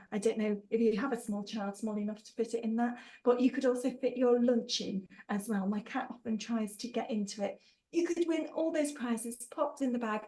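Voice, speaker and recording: A woman's voice: a little high, warm tone, poor audio. A woman hosting a live online workshop, bubbly and playful, reading out chat replies with teasing asides and frequent laughter.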